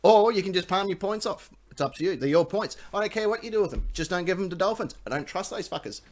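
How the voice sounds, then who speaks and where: A man's voice: sits high, expressive, fast. A man with an Australian accent hosting a live quiz show, joking, laughing often and swearing freely. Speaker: quiz host. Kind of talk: casual live quiz banter.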